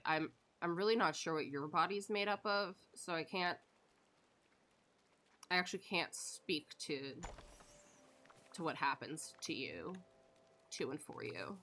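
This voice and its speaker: Bright, chatty woman streamer. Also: fairly low pitch, a little hiss or hum. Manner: chatty, rambling, with frequent fillers and laughter. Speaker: live streamer. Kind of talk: casual chat while gaming.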